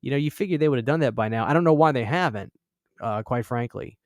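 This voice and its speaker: A man's voice: medium pitch, quick pace, a little mellow, no echo, clean studio sound. A young man hosting a horror channel, telling a rambling story in casual chat and acting out the voices of people he quotes. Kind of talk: casual storytelling to a live stream audience.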